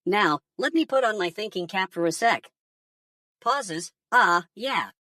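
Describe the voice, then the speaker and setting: A woman's voice: lowish voice, fairly bright tone, dry recording, clean studio sound, far from the mic. A woman voicing a laid-back male alien pundit who curses and mocks humans in synthetic news commentary. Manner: cursing, mocking, stoner-casual.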